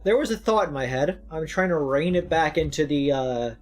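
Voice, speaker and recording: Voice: medium pitch, moderate pace, soft background music. A streamer giving casual, rambling, sarcastic commentary while playing a game, swearing freely. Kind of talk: casual let's-play commentary.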